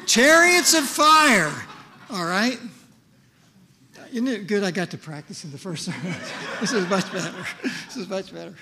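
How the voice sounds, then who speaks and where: A man with a high voice delivers a lively church sermon. He talks in a conversational way and keeps turning to his listeners with questions. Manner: animated, conversational, asks the congregation questions. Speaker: pastor.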